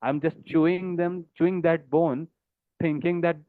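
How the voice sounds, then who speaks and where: A man's voice: a little high, measured pace, dry recording. Earnest man giving a devotional lecture. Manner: earnest, pleading tone, quotes Sanskrit verses. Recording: dry, phone-like narrow sound.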